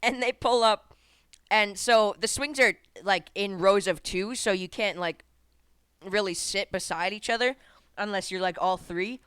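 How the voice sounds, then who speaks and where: A woman's voice: medium pitch, a little slow, fairly bright tone, clear, resonant tone, no echo. A woman co-hosting a casual podcast, telling stories in a rambling way, swearing often and breaking into laughter. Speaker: podcast co-host. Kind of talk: casual storytelling chat.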